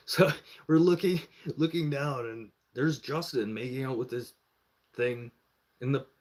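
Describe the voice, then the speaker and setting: A man in the middle pitch range tells a story on a live stream. He talks loosely and swears a lot. He keeps slipping into the voices of the people in his story. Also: measured pace. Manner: animated, profane, acts out the voices of others. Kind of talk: casual storytelling.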